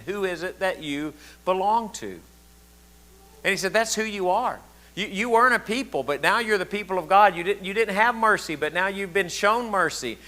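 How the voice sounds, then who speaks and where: An older man with a thick Southern accent gives a homey, conversational sermon. He quizzes his listeners and stumbles over repeated words as he goes. His voice is pitched a little high and rings brightly. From southern United States. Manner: folksy, asks the room questions, repeats words often. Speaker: pastor.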